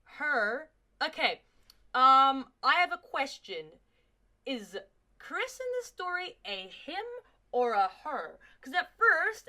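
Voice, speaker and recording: A woman's voice: sits high, sharp tone. Chatty, playful young woman. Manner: chatty, playful, self-mocking. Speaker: fanfiction reader and video host. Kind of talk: casual chat and story reading. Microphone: microphone.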